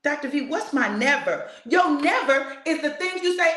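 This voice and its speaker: A woman preacher, giving a sermon in a fiery, repetitive style, with bursts of shouting and laughter. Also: high voice, lively intonation, normal speed, few pauses, reverberant, rough recording.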